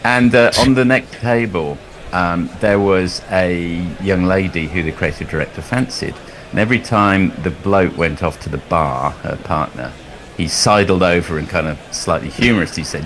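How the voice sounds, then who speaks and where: A man's voice: sits low, a little slow, a bit bright, a little hiss or hum. A man commentating on cricket ball by ball, drifting into a long, chuckling anecdote between deliveries. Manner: rambling storyteller, chuckles often.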